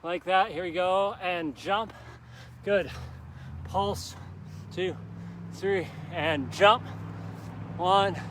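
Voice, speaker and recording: A man's voice: high voice, noisy background. A male fitness instructor coaching a live outdoor workout, upbeat and urging viewers on with countdowns while out of breath and sweating. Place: outdoors in a park on grass.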